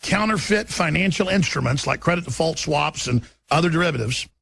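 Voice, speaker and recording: A man's voice: a little high, expressive, a little fast, gravelly, fairly bright tone, slightly rough, no echo. A middle-aged man, hosting a political talk radio show in an intense, ranting, emphatic way. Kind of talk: political commentary broadcast.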